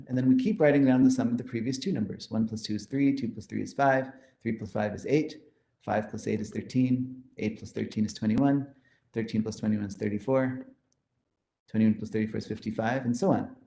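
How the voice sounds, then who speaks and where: A man of medium pitch, with vocal fry, gives a relaxed, mellow mathematics lecture at a conference, explaining every step with enthusiasm and frequently asking "right?". His voice echoes through the hall, with a little hiss or hum.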